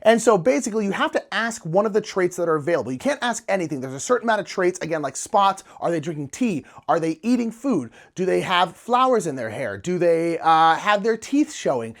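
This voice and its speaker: A man's voice: sits high, gravelly. A man casually and enthusiastically reviewing board games in a chatty vlog, with plenty of fillers.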